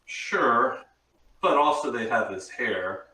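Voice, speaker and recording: A measured, mildly teasing female wizard, voiced by a man in a tabletop game. The voice has a bright edge. It sounds roomy and distant from the mic. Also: mid-range voice, expressive. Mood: calm. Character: female wizard, calm, helpful, fussy about cleanliness. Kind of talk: tabletop role-play in character. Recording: echoey room, far from mic.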